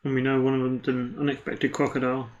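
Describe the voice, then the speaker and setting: A man's voice: medium pitch, monotone, fast talker, dull audio. A British man co-commentating a card game match in casual chat, with dry jokes and offhand asides.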